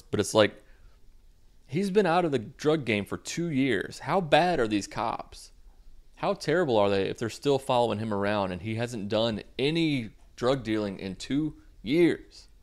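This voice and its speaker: A young man casually recapping a movie in a sarcastic, mocking way. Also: fairly low pitch. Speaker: movie reviewer.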